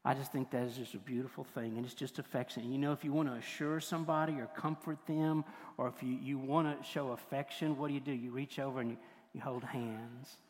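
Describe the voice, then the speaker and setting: An older man preaching a sermon as pastor, moving between forceful points and hushed, tender passages. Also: medium pitch, fairly even intonation, a little fast. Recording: long hall reverb.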